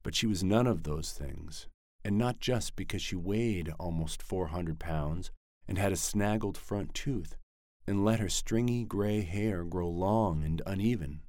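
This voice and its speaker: A man with a very low, deep voice reads a novel aloud in an even, measured storytelling manner. The recording is dry and close, with no room sound around him. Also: no echo. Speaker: narrator. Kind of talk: scripted audiobook narration.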